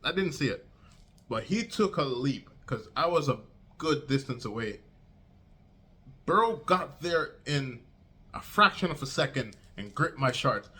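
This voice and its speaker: A young man vlogging a casual storytime, slangy and swearing, acting out quotes with big jumps in pitch. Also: big pitch swings, unhurried, pauses often, sharp tone.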